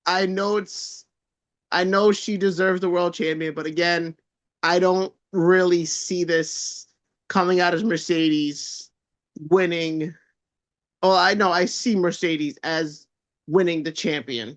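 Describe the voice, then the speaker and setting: A man's voice: sits high, fairly even intonation, slow pace. A man co-hosting a podcast in casual wrestling chat, hesitant and stumbling over words, with crude jokes. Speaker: podcast co-host. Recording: dull lo-fi sound.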